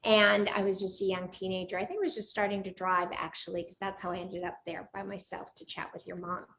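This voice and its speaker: A woman's voice: mid-range voice, level tone, brisk, a bit bright, a little hiss or hum. Bubbly woman hosting a video call. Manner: bubbly, chatty, laughs often. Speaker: host of a live cooking show interview. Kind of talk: casual live video-call chat.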